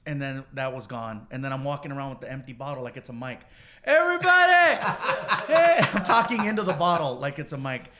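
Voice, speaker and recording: Bright-voiced man telling party stories. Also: medium pitch, fast talker, hardly any pauses. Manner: rambling storyteller who laughs along. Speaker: guest. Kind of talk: casual chat.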